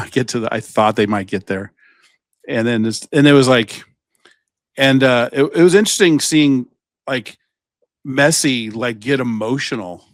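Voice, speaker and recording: A podcast co-host with a mid-range voice gives sports takes in a casual chat, recorded with clean studio sound and no echo. He's chatty, with lots of false starts, breaking off and restarting often.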